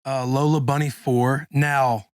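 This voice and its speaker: A man of ordinary pitch teases his friends and pushes the chat along in easygoing podcast talk. The sound is dry and close, with no room around it. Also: flat delivery, measured pace, darkish tone, clean tone, no echo. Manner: teasing, prompting others. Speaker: podcast co-host. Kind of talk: casual banter.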